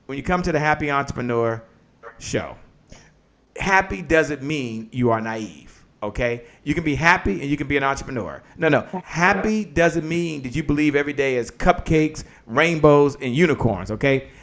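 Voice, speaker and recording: A man's voice: a little high, lively intonation, moderate pace, a bit bright. A man hosting a live online business show, talking with energy and leading the audience in call-and-response declarations like a preacher. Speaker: host. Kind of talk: live-stream motivational talk.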